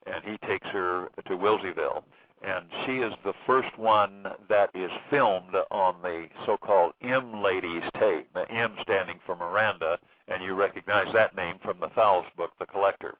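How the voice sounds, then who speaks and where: Deep-voiced man on a tinny phone line. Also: dry recording. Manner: halting, many fillers and restarts. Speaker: author guest. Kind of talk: phone interview recounting a case.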